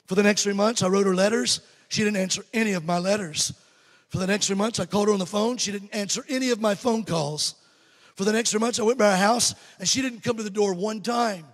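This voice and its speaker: High-voiced Southern evangelist telling jokes. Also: male voice, fast talker, long reverb tail. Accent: Southern American. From Alabama. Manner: animated, joking with the crowd. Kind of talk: sermon storytelling. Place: church sanctuary.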